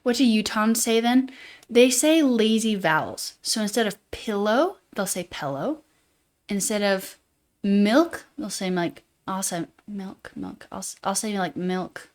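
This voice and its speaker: A woman with a Utah accent hosting a livestream, chatting casually in a fairly monotone way and reading chat comments aloud. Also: medium pitch, measured pace. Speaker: livestream host.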